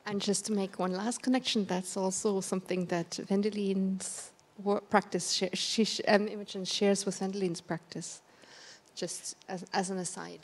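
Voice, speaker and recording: A woman moderating an onstage conversation, speaking hesitantly with many pauses and restarts. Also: medium pitch, level tone. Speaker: conference moderator. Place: theatre stage.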